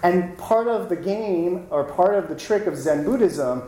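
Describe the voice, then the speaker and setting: A lecturer giving a casual talk, telling stories in an animated way and often tossing in "right?" to the listeners. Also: mid-range voice, measured pace. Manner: animated storytelling, frequent "right?" asides. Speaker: lecturer on Buddhism. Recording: roomy room with faint noise.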